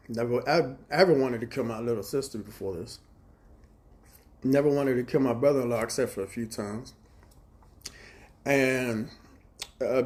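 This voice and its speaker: Man, 40s, profane agitated storyteller, mid-pitched, live-stream rant. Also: a little mellow. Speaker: livestreamer. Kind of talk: rambling live-stream monologue.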